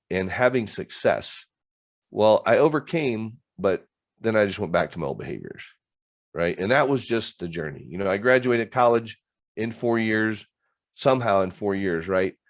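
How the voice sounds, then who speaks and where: A middle-aged man giving an earnest personal testimony as a recovery coach, talking from a home office over a video call. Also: fairly low pitch. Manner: earnest, storytelling with frequent "right?". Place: home office with green screen.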